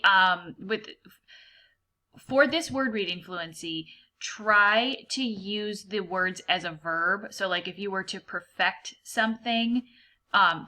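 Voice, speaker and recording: A woman's voice: medium pitch, pushed and bright. A woman teacher recording a reading fluency lesson for her students, patiently explaining how to pronounce words. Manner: patient, explains pronunciation slowly and clearly.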